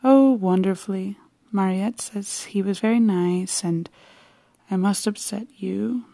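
A dry, bantering official husband who counts out every word, as a woman reads him. The voice is dark and gravelly with a flat, even delivery. The sound is close and dry. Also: mid-range voice, unhurried, no room sound. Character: cold, formal middle-aged husband, a government official.

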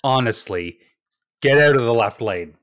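In an unhurried, lively way, a Canadian man with a mid-range, somewhat bright voice rants profanely and with exasperation while telling stories as a podcast co-host. The casual chat has studio quality and no echo.

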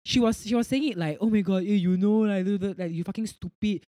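A young man with a Singaporean English accent, hosting a podcast and telling a work story in a profane, animated way, acting out the people in it. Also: high voice, quick pace, few pauses, no room sound, studio quality. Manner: animated, profane, acts out callers in quoted voices. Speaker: podcast host. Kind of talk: casual storytelling chat.

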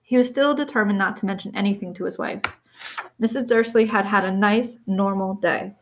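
A woman reading a novel aloud in steady storytelling, with small slips and restarts. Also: medium pitch, fairly quick, a little hiss or hum. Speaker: reader.

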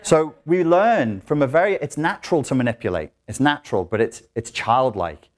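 A man giving a live talk in a lecture room, animated, acting out quotes in other voices. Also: mid-range voice, normal speed. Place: lecture room in an academic institution.

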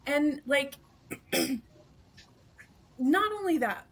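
A woman's voice: sits high, animated, measured pace, fairly bright tone. A woman guest in a casual chat, ranting angrily and cursing hard. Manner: angry, profane ranting.

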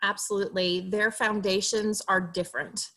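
Female therapist guest, bright and clear, expressive and warm-hearted explainer on a podcast. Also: medium pitch, normal speed. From Alabama, USA. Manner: expressive, acts out parent dialogue in a soft voice. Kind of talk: podcast interview, advice.

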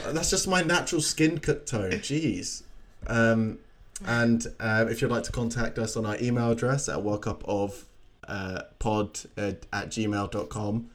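Flustered young man, low voice. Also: measured pace. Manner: flustered, stumbling and laughing at himself. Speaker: podcast co-host. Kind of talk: casual chat, reading out show plugs.

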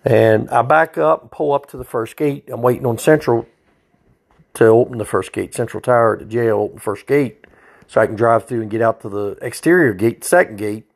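A man's voice: medium pitch, fairly quick, gravelly. A man, a state trooper telling a story in a blunt, profane, folksy way. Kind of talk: casual storytelling.

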